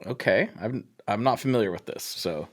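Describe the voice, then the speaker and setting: A man's voice: on the low side, normal speed. A man hosting a casual interview, reacting and encouraging the guest to go on. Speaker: interview host.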